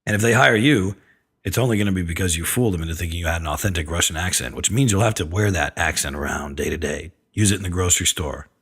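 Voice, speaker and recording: A man's voice: low voice, a bit bright, husky. A man who directs films hosts a radio advice segment for actors, talking frankly and wryly. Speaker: film director and acting coach, radio segment host.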